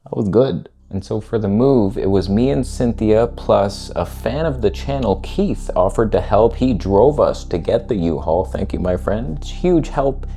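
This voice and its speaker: A man vlogging, casually retelling a story in laid-back slang with some swearing. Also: on the low side. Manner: animated retelling that acts out quoted voices.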